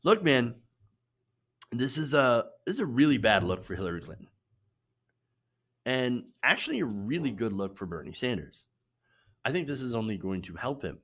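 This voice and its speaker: A man's voice: mid-range voice, sing-song, normal speed, long pauses, a bit bright. A man hosting a live political commentary stream, talking emphatically and indignantly and raising his voice to drive points home, then rambling with fillers when speaking off the cuff.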